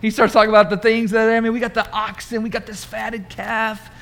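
Male preacher, high voice, chatty and animated, quizzing his congregation. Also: brisk, gravelly. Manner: conversational, animated, asks the congregation questions. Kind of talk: sermon. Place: church room.

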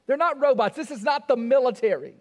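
A man's voice: very high-pitched, brisk, long reverb tail. A male pastor preaching a sermon. He is emphatic, repeats key phrases and asks the congregation rhetorical questions.

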